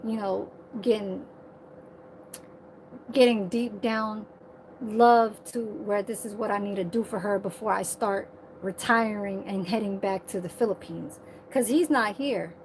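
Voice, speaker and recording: A woman's voice: mid-range voice, a little slow, slight background noise. A woman in her thirties, ranting in a heated, profane, repetitive way on a casual livestream. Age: 30s.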